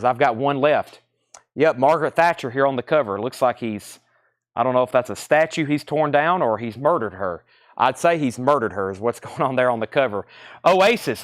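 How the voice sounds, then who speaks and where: A man's voice: a little high, fairly bright tone, dry recording, studio quality. A man with a Tennessee Southern accent, hosting a live-streamed record sale and rattling off bids and prices, often repeating himself. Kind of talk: live-stream auction selling.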